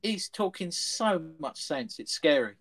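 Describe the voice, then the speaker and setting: A man on a sports panel show, chatting casually and telling animated anecdotes. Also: fairly high pitch, measured pace, rough recording. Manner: anecdotal storyteller, animated retelling. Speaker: studio panelist.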